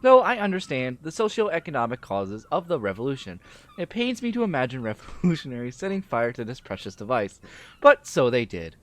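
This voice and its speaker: A streamer reading aloud the lines of a wistful male character from a game, in a measured, elegiac way. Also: medium pitch, sing-song, no echo, voice pushed down, natural voice.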